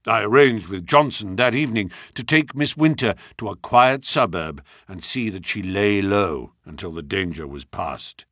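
A man narrating a classic detective story in the first person, reading in an expressive, animated way. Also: fairly low pitch, normal speed, few pauses, no room sound, studio quality. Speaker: audiobook narrator.

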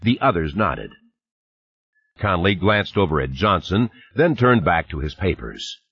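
A man narrates an audiobook in a very deep, husky voice, reading in a measured but lively way. The pitch moves widely, and the sound is dull and lo-fi, as from an old cassette tape. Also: no room sound. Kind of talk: scripted narration.

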